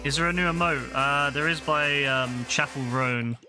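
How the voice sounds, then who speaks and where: A young man commentating on his own gameplay in casual chat, swearing a lot and getting exasperated, with excitable outbursts. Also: a little high, moderate pace, over music. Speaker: gaming streamer.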